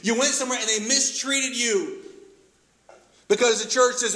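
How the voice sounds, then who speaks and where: Guy preaching a sermon, high bright voice, lots of restarts, echoey room. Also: normal speed. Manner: animated, acts out quoted voices, many restarts. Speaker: pastor.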